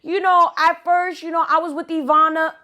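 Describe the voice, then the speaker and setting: A lying young cousin with a high, airy voice, dodging questions in a singsong tone, as a woman puts her on. The pitch sits far above the teller's own voice and floats evasively. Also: level tone, normal speed, bright, forceful tone.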